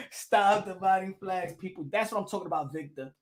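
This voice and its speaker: A man hosting a boxing channel in casual vlog commentary, emphatic and repetitive, laughing between points. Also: high-pitched. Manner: animated, emphatic, repeats phrases often.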